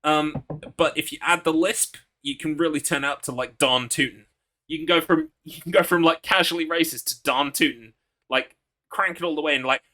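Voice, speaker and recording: A man's voice: on the high side, fairly even intonation, normal speed, bright, forceful tone. A man streaming a horror game live, chatting casually in a rambling, crude, joking way with plenty of fillers.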